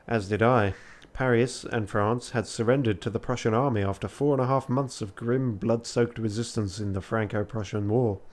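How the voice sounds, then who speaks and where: A man's voice: fairly low pitch, normal speed, few pauses. Tired guy reading a text game on stream, laughs at himself a lot, swears. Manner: self-mocking, laughs often, swears. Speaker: charity streamer.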